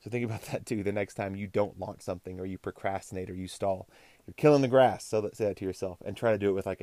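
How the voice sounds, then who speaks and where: A man's voice: low voice, a little mellow, no room sound. A middle-aged man from Texas hosting a solo podcast, talking in a casual, rambling, self-deprecating way. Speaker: podcast host.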